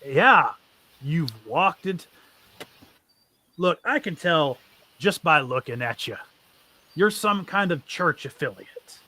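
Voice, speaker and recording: A man voicing a huge, wary male bandit leader who talks in booming, drawn-out commands. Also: expressive, sharp tone, exaggerated voice.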